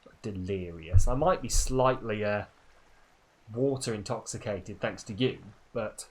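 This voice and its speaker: A man's voice: mid-range voice, a little slow. A man casually commenting on a game as a streamer, joking and reading on-screen text aloud.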